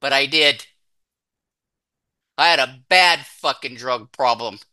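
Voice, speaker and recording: A man giving a raw, blunt, heavily profane recovery testimony that swings between intense outbursts and hushed confession. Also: mid-range voice, slow pace. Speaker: recovering addict sharing his story.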